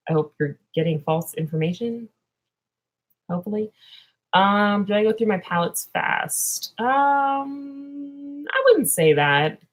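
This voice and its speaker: A woman's voice: mid-range voice, expressive, slow. A woman streaming live, chatting with viewers in a scatterbrained, silly way and breaking into improvised songs. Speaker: livestream host answering chat. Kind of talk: rambling livestream chat with improvised singing.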